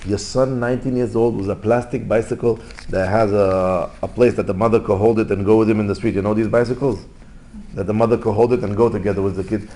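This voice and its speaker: A rabbi giving an informal Torah lesson, telling stories in lively, non-native English. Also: male voice, fairly low pitch, quick pace, slight background noise, rough recording. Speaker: rabbi teaching a class.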